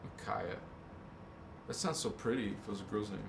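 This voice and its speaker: A man's voice: fairly low pitch, moderate pace, vocal fry, echoey room, noisy background. A man hosting a spiritual livestream, musing aloud, joking and swearing as he sounds out a word. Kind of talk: rambling livestream chat.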